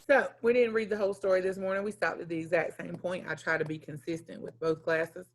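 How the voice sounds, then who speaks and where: A woman teacher giving a recorded lesson in clear, deliberate teacher talk, stepping through lists point by point. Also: lowish voice, flat delivery, a little hiss or hum.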